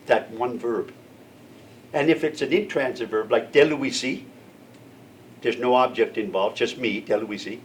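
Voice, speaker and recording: Picked up from afar with faint room noise, an older man teaches a language lesson in a classroom full of students. His mid-range voice stays patient as he checks in with the class.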